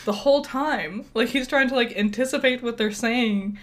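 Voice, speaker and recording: With a fairly high-pitched voice at a moderate pace, a woman co-hosts a podcast in relaxed conversation. She wanders into asides and laughs frequently.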